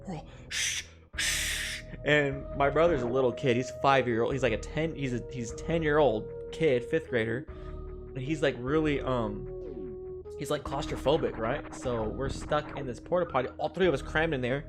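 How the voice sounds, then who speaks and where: A man's voice: medium pitch, normal speed. Rambling young man telling stories, music behind. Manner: rambling, swears freely, laughs through stories. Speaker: streamer. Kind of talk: casual storytelling while gaming.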